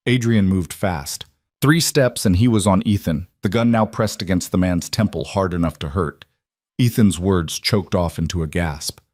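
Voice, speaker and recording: Guy narrating a dark romance story, steady, lowish voice, dry close mic. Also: moderate pace, no room sound.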